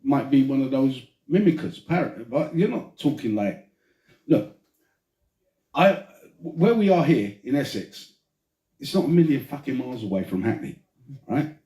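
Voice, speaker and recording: A man's voice: medium pitch, big pitch swings, normal speed, long pauses, dark tone. A London man hosting a podcast, chatting casually with swearing and laughing banter. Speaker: podcast host. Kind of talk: casual chat. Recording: roomy, mic at a distance.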